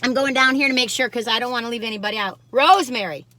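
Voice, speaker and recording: A woman's voice: a little high, quick pace, pushed and bright. A woman reviewing pastries in a casual food vlog, recorded on her phone in a parked car, gushing and laughing often. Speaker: food vlogger.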